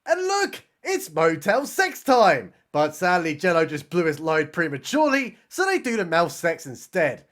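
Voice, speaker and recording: A man narrating a sarcastic comedic recap of a film as a reviewer, mocking it and swinging between deadpan asides and excited outbursts. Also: high voice, normal speed, hardly any pauses. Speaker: movie reviewer.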